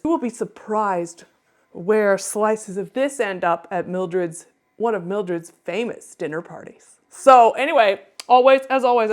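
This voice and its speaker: A woman painter talking casually to viewers as she works, chatty and self-mocking, often laughing at herself. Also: medium pitch.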